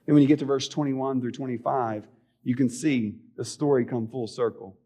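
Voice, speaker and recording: A man's voice: mid-range voice, steady tone, normal speed, dark tone. A middle-aged male pastor preaching a sermon in a church, conversational, with frequent rhetorical questions. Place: church sanctuary.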